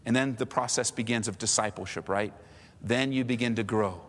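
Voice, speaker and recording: A man's voice: mid-range voice, normal speed, in a large hall. A man preaching a sermon in a conversational way, acting out little scenes as he goes. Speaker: pastor.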